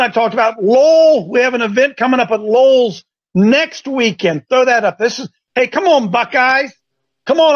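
A folksy man from Ohio hosts a casual broadcast, his voice sitting high for a man. He talks excitably and circles back over his own words. The recording sounds dull and lo-fi. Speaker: host.

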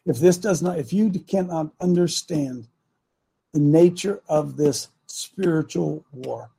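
Preaching into a studio mic, this male talk show host has a rather high, husky, mellow voice. He delivers emphatically, going over key lines again and drawing them out slowly for weight.

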